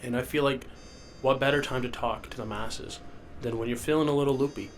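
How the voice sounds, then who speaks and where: A man's voice: medium pitch, steady tone, brisk, a little hiss or hum. A sick young man with sniffles hosting a rambling solo podcast from a basement, loopy and self-deprecating. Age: young adult. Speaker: podcast host. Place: rented house basement.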